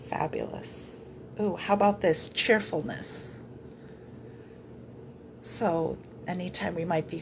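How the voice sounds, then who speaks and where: A woman energy healer gently guiding viewers through a live-streamed clearing session, speaking softly with slow pauses. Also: on the low side, slight background noise.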